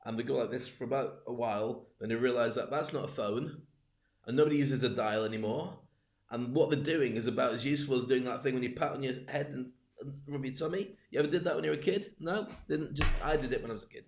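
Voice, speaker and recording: Streaming from home on camera, a man with a mid-range voice hosts a casual comedic talk, speaking fast. He rambles and digresses, acting out gestures as he goes, and the sound is roomy.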